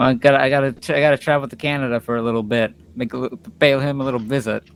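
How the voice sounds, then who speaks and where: A man's voice: medium pitch, fairly even intonation, rapid-fire, creaky, smooth. A man teasing his friends in casual chat before a tabletop game. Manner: teasing, mocking banter.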